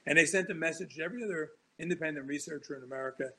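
A man with a fairly high, sharp voice races through his talk-show appearance as an author guest. His anecdotes run long and wander, with frequent restarts and chuckles, and the recording is rough.

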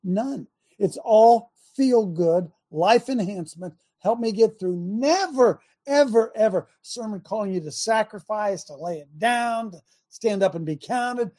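Male host, fiery sermon-style monologue, shouts for emphasis. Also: sits high, animated, measured pace. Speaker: talk show host. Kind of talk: preaching talk show monologue.

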